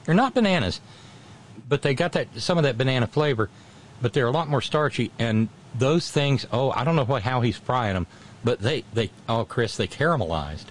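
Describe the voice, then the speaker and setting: A man's voice: mid-range voice, animated, a little hiss or hum. Stammering chatty male radio host. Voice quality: halting, stammering restarts. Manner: chatty storyteller, wry and self-deprecating. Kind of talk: casual on-air chat.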